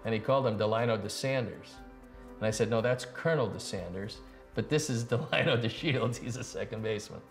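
A man's voice: on the low side, fairly quick, creaky, soft background music. A man telling anecdotes in an interview about a former broadcast partner, acting out both sides of the dialogue in a wry way.

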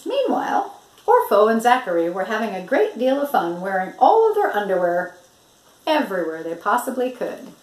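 An older woman, a grandmother, reading a picture book aloud in an expressive storytelling manner. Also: mid-range voice, normal speed, slight background noise. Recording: roomy echo.

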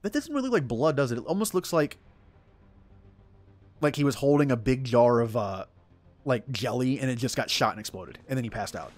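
A man's voice: mid-range voice, animated, a little fast, pauses often. A man chatting casually over gameplay, rambling and poking fun at himself. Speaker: gaming streamer. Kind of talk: casual let's-play commentary.

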